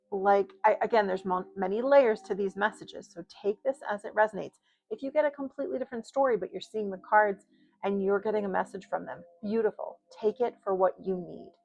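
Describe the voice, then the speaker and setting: A woman talks through a tarot reading in a loose, chatty way, drifting into asides and fillers. Her voice has a gravelly, creaky edge and sits at an ordinary pitch for a woman. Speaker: tarot reader. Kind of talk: casual spoken tarot reading.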